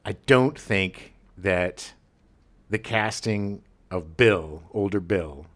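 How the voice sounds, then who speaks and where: Animated middle-aged man telling stories. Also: low voice, slow. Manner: animated storyteller, acts out movie scenes. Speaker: podcast co-host. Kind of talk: casual chat.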